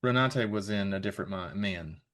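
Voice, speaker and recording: A man's voice: fairly low pitch, moderate pace, fairly bright tone. A man guest on a podcast in casual chat, rambling and restarting his sentences. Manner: rambling, restarts, laughs a lot.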